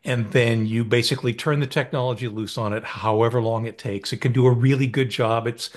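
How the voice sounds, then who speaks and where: A man's voice: medium pitch, fairly even intonation, fairly quick. An American man co-hosting a podcast, explaining ideas in casual chat in a thoughtful, enthusiastic way, seated at his usual recording spot. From United States.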